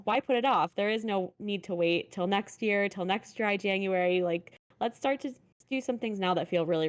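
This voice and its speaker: A woman's voice: medium pitch, clear, resonant tone. A woman co-hosting a podcast, giving earnest, encouraging advice in a casual chat. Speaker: podcast co-host.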